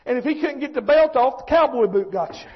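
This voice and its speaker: A man delivers a fiery sermon in a very high voice, folksy and fervent, frequently erupting into shouts. He talks fast with lively intonation and a breathy edge. The audio is dull and lo-fi.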